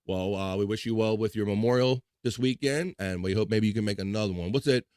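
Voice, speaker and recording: A man's voice: fairly low pitch, fast talker, a little mellow, smooth, dry recording, studio quality. A man hosting a casual live chat show, reading viewer comments aloud in a loose, upbeat way with playful filler sounds.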